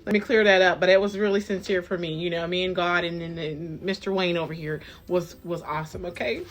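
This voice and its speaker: A woman vlogger telling a casual story, acting out the people in it with big jumps in pitch. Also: brisk. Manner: animated, acts out quotes with big jumps in pitch.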